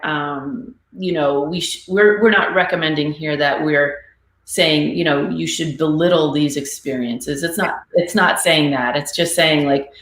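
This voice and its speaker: A woman hosting a conversational interview, speaking thoughtfully and haltingly with many restarts. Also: low-pitched, fairly bright tone. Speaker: talk show host and Reiki practitioner. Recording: echoey room.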